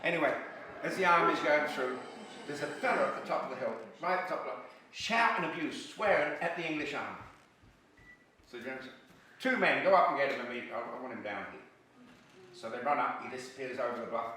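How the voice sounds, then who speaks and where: A man doing stand-up, telling joke after joke in a chatty way and jumping higher in pitch to act out the people in them. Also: pushed and bright, slight background noise. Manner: chatty, filler-heavy, pitches up to act out quoted lines. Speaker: stand-up comedian. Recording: echoey room, mic at a distance.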